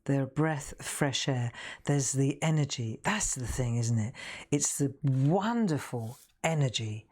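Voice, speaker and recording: Chatty middle-aged woman hosting a live craft stream, low voice, rambling with easy laughs. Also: animated, measured pace, darkish tone. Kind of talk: casual chat while demonstrating crafts.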